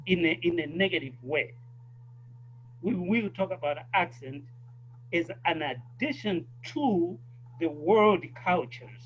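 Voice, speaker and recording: Guest: South African man, high voice, emphatic and thoughtful, dull lo-fi line with faint hum. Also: expressive, slow pace. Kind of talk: casual conversation.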